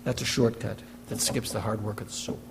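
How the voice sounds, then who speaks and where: A man's voice: fairly low pitch, level tone, a little fast, gravelly, a little hiss or hum. A man preaching a sermon as a pastor, emphatic, repeating key phrases and asking rhetorical questions. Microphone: church recording for online message.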